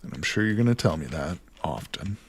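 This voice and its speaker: A man commentating live on his survival gameplay, talking to viewers and swinging between quiet mutters and excited outbursts. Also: deep voice, a little fast, vocal fry, slight background noise. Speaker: gaming streamer.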